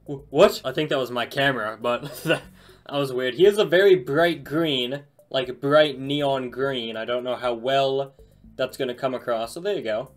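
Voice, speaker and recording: A man hosting a casual toy unboxing review, talking in an excited, chatty, slangy way. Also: mid-range voice, normal speed, faint music behind.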